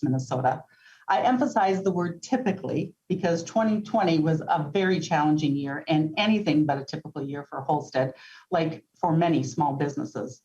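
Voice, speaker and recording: A woman, a company CEO, giving prepared, earnest testimony to a legislative committee at a measured pace, with occasional ums. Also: low voice, darkish tone, muffled recording.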